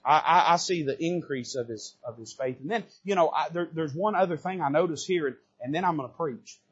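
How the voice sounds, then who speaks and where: A man preaching a sermon from the pulpit, swinging from hushed to shouting. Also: a little fast, breathy edge, muffled recording. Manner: preaching with big swings in pitch and loudness, rising to shouts. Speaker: pastor. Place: church sanctuary.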